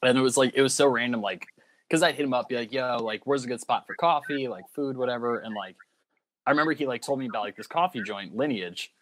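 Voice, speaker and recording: A man's voice: medium pitch, fast, no room sound. Chatty man from North Alabama. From North Alabama, United States. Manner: relaxed, chatty, many fillers like "like". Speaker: guest. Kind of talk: casual chat.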